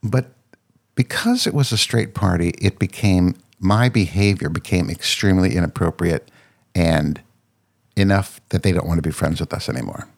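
A man's voice: low voice, moderate pace, creaky. A man hosting his own podcast, casually telling a rambling personal story and often restarting his sentences. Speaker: podcast host.

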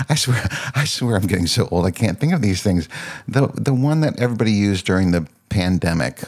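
A man hosting a podcast, casually demoing his gear into a boom-arm microphone at his desk. He rambles, breaks off mid-sentence and searches for words. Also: expressive, normal speed, darkish tone, husky. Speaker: podcast host. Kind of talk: casual gear demo chat. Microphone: dynamic mic on a boom arm.

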